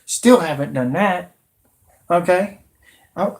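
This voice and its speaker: Heated man ranting, high-ish voice. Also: measured pace. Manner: heated, repetitive, confrontational. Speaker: channel host. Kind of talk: angry political rant.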